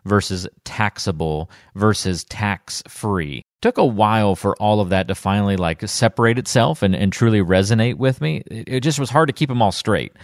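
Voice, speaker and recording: A man's voice: lowish voice, normal speed, few pauses, dry recording, studio quality. Upbeat chatty male podcast host. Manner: upbeat, chatty, laughs easily. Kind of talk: casual podcast chat.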